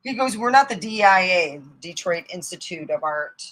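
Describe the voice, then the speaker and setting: A middle-aged woman from Michigan spins loose comic stories in a bright, forceful voice. She rambles from one tale to the next, jumping from loud bursts down to low mutters, and laughs at her own jokes. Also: moderate pace, low-quality recording. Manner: animated, rambling, swings between loud outbursts and mutters. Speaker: comedy storyteller. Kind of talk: casual comic storytelling.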